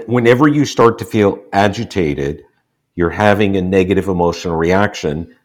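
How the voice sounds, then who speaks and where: A man's voice: deep voice, a little mellow. A man in his sixties, a podcast guest, telling personal stories in an earnest, explanatory way and repeating points for emphasis. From United States. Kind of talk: conversational storytelling.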